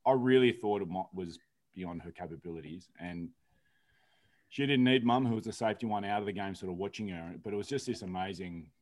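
A man's voice: sits low, fairly quick, darkish tone. A man co-hosting a podcast, earnestly recounting a family trip in casual chat. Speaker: podcast co-host.

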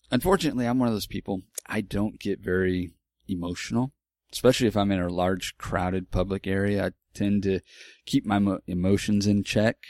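A man in his forties with a deep, low voice tells a personal story in a loose, rambling way. He is candid and swears now and then. The sound is dry and close. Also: a little mellow, no echo. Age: 40s. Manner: rambling, candid, with profanity and restarts.

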